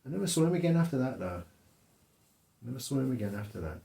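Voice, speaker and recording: Gravelly man telling stories. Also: mid-range voice, quick pace, roomy sound. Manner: storytelling, animated. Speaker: co-host. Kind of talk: casual chat.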